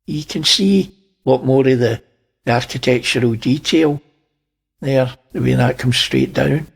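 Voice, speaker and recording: Here the Scottish channel host narrates an image analysis, guiding viewers through the pictures, noting details and adding the odd wry remark. He speaks unhurriedly in a mid-range voice that sounds gravelly and slightly rough.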